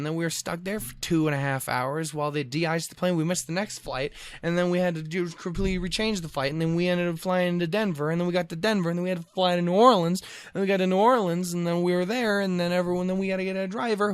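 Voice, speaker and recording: A man's voice: medium pitch, no room sound. A young man hosting a solo podcast, telling a long, profane, exasperated travel story full of restarts. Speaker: podcast host.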